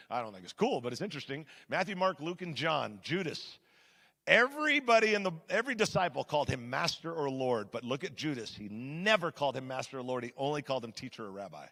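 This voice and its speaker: A pastor preaching a sermon to his congregation in a conversational, emphatic way, swinging between loud and hushed. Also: on the high side, vocal fry. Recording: long hall reverb.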